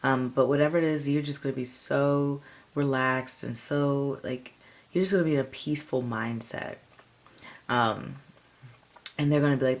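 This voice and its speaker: A woman's voice: a bass voice, steady tone, normal speed. A woman giving a casual tarot reading, rambling with lots of fillers. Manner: rambling, filler-heavy, chatty. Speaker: tarot reader.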